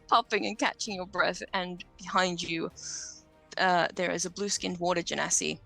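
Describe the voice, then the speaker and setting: A woman's voice: on the low side, fairly even intonation, moderate pace, gravelly, sharp tone, soft background music. A woman narrating as game master of a tabletop game, casual in rules talk and lyrical when she sets the scene. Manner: descriptive, casual with fillers, lyrical in scene-setting.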